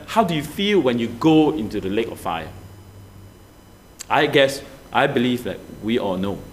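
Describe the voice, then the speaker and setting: A man preaching a sermon, constantly asking his congregation questions and urging online viewers to comment. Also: fairly high pitch. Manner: animated, asks the congregation many questions.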